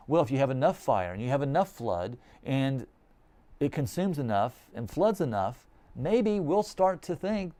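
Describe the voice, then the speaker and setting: A male priest, reading the Gospel and preaching with emphatic, slowed-down stresses. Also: medium pitch, mellow.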